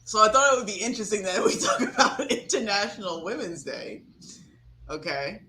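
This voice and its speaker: A woman co-hosting a podcast in casual chat, animated and often laughing. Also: mid-range voice, normal speed, a little hiss or hum. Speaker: podcast co-host. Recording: echoey room, faint background ambience.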